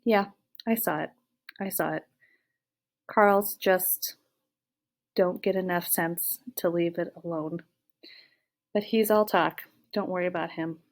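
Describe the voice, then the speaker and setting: Big, calm, good-humored man, read by a woman in an audiobook, steady and reassuring, lowish pitch. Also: slow, long pauses.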